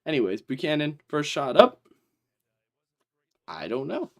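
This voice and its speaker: A man's voice: on the high side, wildly swooping pitch, unhurried. A young man giving casual live play-by-play commentary, talking straight at the teams in exasperation.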